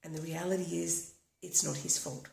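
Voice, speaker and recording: A woman's voice: low-pitched, flat delivery, moderate pace, vocal fry, darkish tone. A woman from Australia leading a guided tapping session, talking earnestly and repeating affirmations. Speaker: tapping practitioner. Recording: echoey room.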